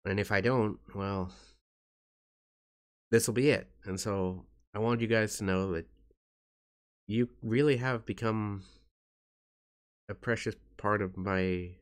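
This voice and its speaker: A man vlogging to his viewers in a soft, halting way, tired and in pain. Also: fairly low pitch, fairly even intonation, smooth. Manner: soft-spoken, halting, with frequent restarts. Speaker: YouTuber. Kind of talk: casual talk to camera.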